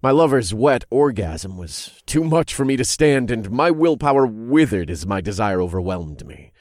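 Lively low-voiced male narrator. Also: normal speed, no room sound, clean studio sound. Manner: expressive, animated reading that builds in intensity. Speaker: audiobook narrator. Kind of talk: first-person scripted narration.

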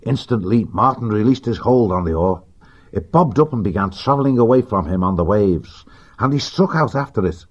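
A man reads an adventure audiobook in a steady, vivid voice. His tone sits low and a bit husky, and the recording sounds dull and lo-fi. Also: moderate pace. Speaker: audiobook narrator. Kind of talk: scripted storybook narration.

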